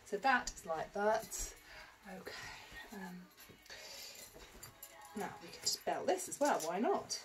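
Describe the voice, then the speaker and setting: A woman's voice: medium pitch, very animated, slow, pauses often, music in the background. A woman who runs a clothes shop, chatting through a dress try-on in a rambling, self-mocking way with lots of ums. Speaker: boutique owner. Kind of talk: casual fashion try-on vlog.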